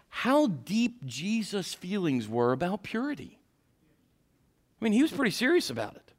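Male pastor, high-pitched voice, folksy sermon delivery that rises to shouted peaks. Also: huge pitch swings, moderate pace. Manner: swings from soft asides to loud shouted preaching; folksy, addresses the congregation directly.

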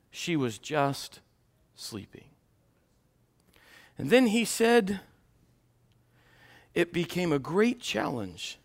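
A man preaching an Easter sermon, moving between hushed storytelling and fervent, raised passages. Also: a little high. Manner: dynamic preaching, swinging from hushed to shouting.

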